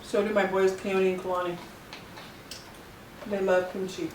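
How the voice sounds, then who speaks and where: A woman vlogger chatting casually and playfully while eating, pausing to savor her food. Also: mid-range voice, level tone, reverberant, recorded from a distance, a little hiss or hum, poor audio. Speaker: mukbang vlogger.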